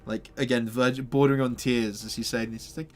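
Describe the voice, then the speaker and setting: A man's voice: medium pitch, steady tone, a little fast. A man narrating a tabletop game as game master, rambling with many fillers.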